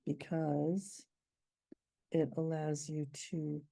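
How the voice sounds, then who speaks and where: A middle-aged woman poet, reading her poem slowly and then explaining its meter in a thoughtful, measured way. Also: low voice, flat delivery, vocal fry, warm tone, no room sound.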